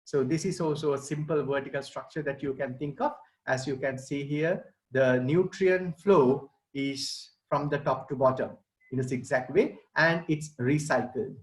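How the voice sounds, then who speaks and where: A man's voice: mid-range voice, moderate pace, rough recording. A middle-aged man, giving an online presentation as a gardening expert and explaining things to children and parents.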